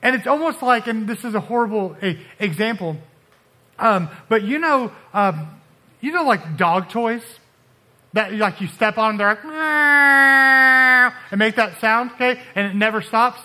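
A man's voice: sits high, moderate pace, sharp tone, rough recording. A man doing a stand-up comedy routine, talking to the crowd in a rambling way full of fillers. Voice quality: rambling, filler-heavy delivery.

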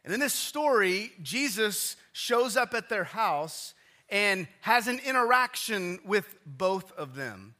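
A man preaching a casual, conversational sermon in a church, often restarting phrases and dropping low and quiet for emphasis. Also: very animated, takes it slowly. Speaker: pastor.

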